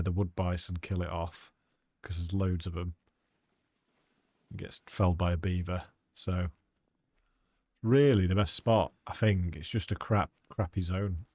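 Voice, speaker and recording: A man's voice: sits low, fairly even intonation, unhurried, warm tone, no room sound, studio quality. A man giving chatty, rambling live commentary as he plays a hunting game and talks to his chat. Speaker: game streamer.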